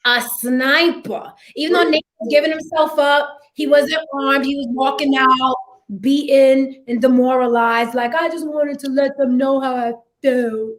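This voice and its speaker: A woman hosts a casual live film review chat. Her voice sits high, and she talks in an animated way, often slipping into quoted voices to act out scenes. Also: moderate pace. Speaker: host.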